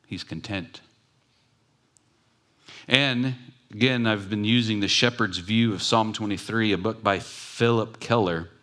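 A man's voice: on the low side, unhurried, pauses often, a bit bright. A man who is a pastor, preaching a sermon in a conversational, emphatic way and repeating key phrases for weight. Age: adult with children.

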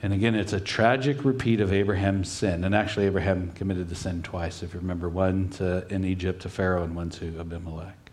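A man's voice: low-pitched, flat delivery, fairly quick, few pauses, a little mellow. A man preaching a sermon in a conversational way, acting out lines from the scripture passage as he tells it. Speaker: pastor.

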